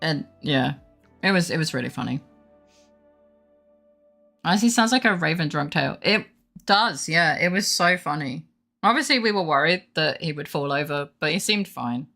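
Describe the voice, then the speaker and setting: Woman streamer, bright tone, rambling storyteller, faint music underneath. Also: low-pitched, moderate pace, gravelly, pauses often. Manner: rambling animated storytelling, laughing. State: unwell with brain fog. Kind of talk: casual chat with live chat.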